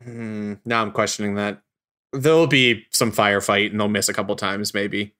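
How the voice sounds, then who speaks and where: A man with a bright, forward voice chats casually on a podcast. He is playful and laughs easily between his thoughts. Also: on the low side, moderate pace. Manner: laughs often, relaxed and playful. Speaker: podcast co-host.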